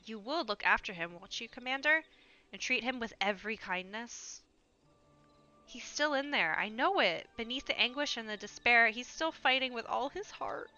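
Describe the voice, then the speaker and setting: A woman voicing an earnest, compassionate young woman adventurer, reading game dialogue aloud in a gentle, pleading way. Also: a little high, expressive, normal speed, muffled recording. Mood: tender, earnest.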